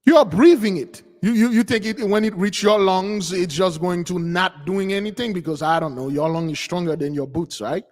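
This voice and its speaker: A man's voice: high voice, moderate pace, hardly any pauses. A man hosting a livestream commentary, talking in an emphatic, preachy way and repeating his points. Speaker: channel host. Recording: long reverb.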